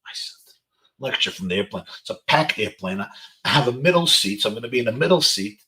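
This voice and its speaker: A man's voice: mid-range voice, expressive, a little fast, pushed and bright. A man, a rabbi, giving an inspirational talk to teenagers over a webinar, telling stories sprinkled with Yiddish and Hebrew phrases. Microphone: webinar video call.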